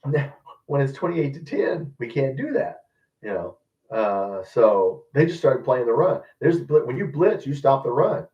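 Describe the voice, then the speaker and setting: A man's voice: mid-range voice, expressive, normal speed, far from the mic, lo-fi sound. A man hosting a live fan stream, ranting bluntly and rambling about football, often calling his viewers guys. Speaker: fan channel host. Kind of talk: live-stream sports commentary, casual rant.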